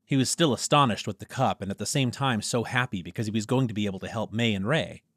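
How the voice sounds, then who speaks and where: Male audiobook narrator, low voice, lively melody, dry close mic. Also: fast, no room sound. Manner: even storytelling, dropping low on speech tags.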